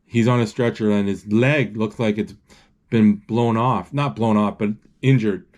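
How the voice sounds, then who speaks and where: A man's voice: on the low side, fairly even intonation, darkish tone. A man describing a film as he watches it, often stopping to hunt for words and restarting his sentences. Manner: halting, searching for words; frequent restarts and fillers. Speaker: movie describer. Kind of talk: live play-by-play of a film.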